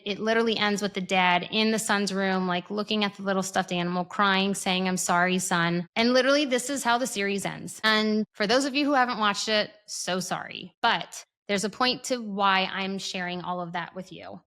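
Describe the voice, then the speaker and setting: A woman's voice: medium pitch, fairly bright tone. A woman in her thirties hosting a parenting show, giving a candid, blunt opinion monologue with frequent restarts and casual swearing. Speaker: parenting podcast host.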